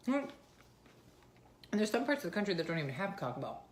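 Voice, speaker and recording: A woman in her thirties with a low voice, rambling casually to her viewers. She talks in a loose, chatty way. The recording has a roomy echo. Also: big pitch swings, quick pace, a little hiss or hum. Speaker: vlogger. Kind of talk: casual chat.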